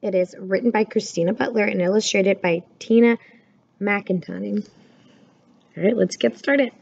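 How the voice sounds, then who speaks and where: Woman reading a kids book out loud, mellow voice, kinda dull recording. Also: medium pitch, steady tone, moderate pace, creaky, breathy edge. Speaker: storyteller. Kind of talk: children's book read-aloud.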